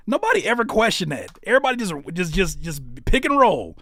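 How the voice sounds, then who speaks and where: A man hosting a live stream, reacting to viewer music with animated, slangy, profane joking banter and teasing the chat. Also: high voice, fast talker, hardly any pauses. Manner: reads out chat comments and teases viewers.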